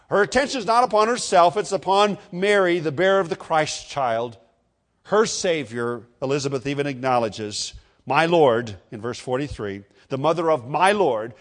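Animated preaching man, lively pitch. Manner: animated preaching with sudden swells and drops in loudness; conversational asides to the congregation. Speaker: pastor. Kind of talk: sermon.

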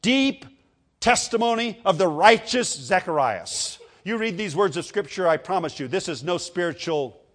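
Animated preaching man, lively pitch. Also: moderate pace. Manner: animated preaching with sudden swells and drops in loudness; conversational asides to the congregation. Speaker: pastor. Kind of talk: sermon.

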